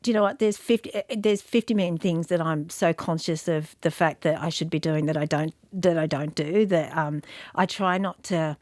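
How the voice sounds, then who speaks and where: A middle-aged woman with a lower voice talks candidly as an interview guest, reflective and quick to poke fun at herself. She often restarts her sentences while she searches for the right words. The sound is close and dry, with no room around her. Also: darkish tone, dry recording. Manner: self-deprecating, reflective, with frequent restarts and fillers. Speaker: guest, media industry CEO.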